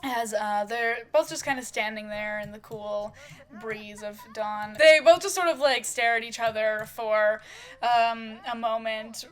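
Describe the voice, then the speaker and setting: A woman tells a soap opera story in a loose, rambling way, full of fillers and soft hedges. Her voice is bright and forward, sitting a little above the usual pitch. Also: measured pace, clean tone. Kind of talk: casual narration of a life-simulation game soap opera.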